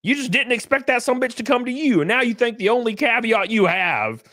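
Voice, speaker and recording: A man's very high, expressive voice with a sharp edge moves at a fairly quick pace as he hosts a casual livestream from California. Reading chat and reacting, he swears often, laughs plenty and does other people's voices. It's a dry, clean studio recording.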